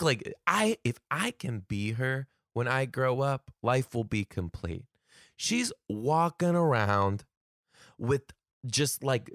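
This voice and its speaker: Animated man telling a wild story. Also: mid-range voice, no room sound, clean studio sound. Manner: animated, swears, laughs often. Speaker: comedian. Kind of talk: casual storytelling to camera.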